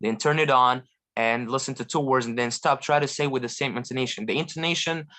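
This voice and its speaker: A man's voice: mid-range voice, brisk, sharp tone. A man from Egypt, a guest on a live call, talking earnestly about learning with many fillers and restarts. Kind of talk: casual chat on a live call.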